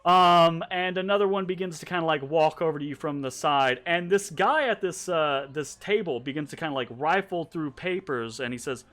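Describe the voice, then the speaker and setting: A man's voice: a little high, normal speed, few pauses, a bit bright, faint music behind. Casual man narrating as game master. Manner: casual, full of ums and "right?".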